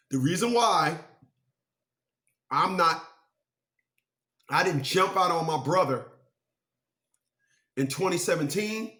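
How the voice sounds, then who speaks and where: A man's voice: fairly high pitch, a bit bright. A man giving a motivational monologue who speaks emphatically and repeats phrases to drive his points home.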